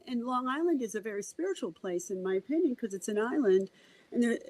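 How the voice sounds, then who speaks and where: Sex: woman. Role: medium, podcast guest. Style: casual storytelling. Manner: animated, acts out dialogue, with lively swings in pitch. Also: rough recording.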